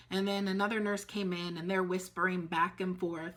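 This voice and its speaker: A woman's voice: on the low side, fairly quick, few pauses. A middle-aged woman casually telling a personal story on a vlog, animatedly acting out each exchange. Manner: animated retelling, acting out dialogue.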